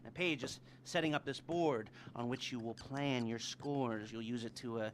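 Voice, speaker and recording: An actor playing a middle-aged male heist planner in a video game, giving a measured briefing with hesitant fillers and a stress on respect. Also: medium pitch, a little hiss or hum, lightly acted. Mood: instructive. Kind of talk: video game cutscene dialogue.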